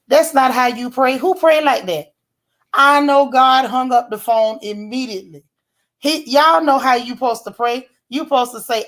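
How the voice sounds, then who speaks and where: A woman, recapping a TV episode in a sassy, animated way and chatting with her live viewers. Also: fairly high pitch, normal speed. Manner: sassy, animated storytelling with mock quotes. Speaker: YouTube TV show reviewer. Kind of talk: casual live-stream recap talking to chat.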